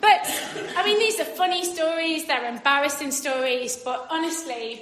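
A woman telling a funny story to a live audience, animated, laughing often and acting out the voices of the people in it. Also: high voice, normal speed, hardly any pauses, roomy sound. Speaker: speaker.

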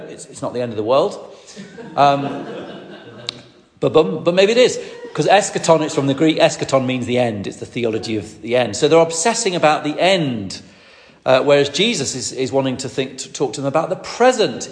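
A middle-aged man preaches at a middle pitch. He speaks emphatically, often repeating words and restarting phrases. His voice carries the long reverb of a large hall. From Lancashire, England. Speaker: preacher, ordained minister. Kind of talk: sermon.

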